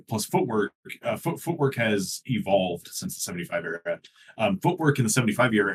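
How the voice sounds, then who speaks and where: Low-voiced man explaining game mechanics. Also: a little hiss or hum. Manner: explanatory, many ums and likes, laughs easily. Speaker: podcast co-host. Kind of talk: casual gaming podcast chat.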